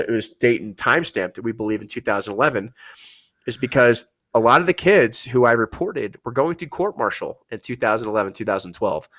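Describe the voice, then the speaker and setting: A man, a podcast guest, telling casual, profane stories about his military service and acting out the people he quotes. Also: medium pitch. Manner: profane, animated storytelling with acted-out quotes. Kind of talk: casual storytelling.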